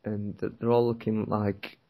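A man, a podcast co-host telling a rambling, animated story and laughing often. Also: fairly low pitch, normal speed, no echo. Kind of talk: casual storytelling chat.

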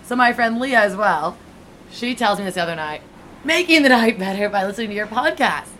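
A woman co-hosting a podcast, chatting casually in a teasing, lively way. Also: medium pitch. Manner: teasing, lively, quick laughs. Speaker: podcast co-host. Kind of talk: casual chat. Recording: faint background noise.

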